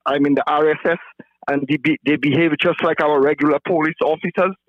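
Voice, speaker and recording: A man's voice: a little high, fairly even intonation, a little fast, no room sound, narrow, tinny audio. Hesitant Saint Lucian man calling in. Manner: hesitant, repeats words. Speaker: caller. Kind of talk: phone-in political complaint.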